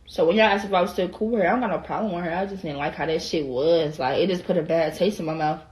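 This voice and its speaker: A woman's voice: lowish voice, fast, darkish tone, rough recording. A young woman telling a storytime on a livestream, heated, profane and rambling, often breaking off to ask whether you follow. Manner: heated, profane, rambling, keeps asking you know what I'm saying. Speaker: social media personality. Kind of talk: casual livestream storytime rant.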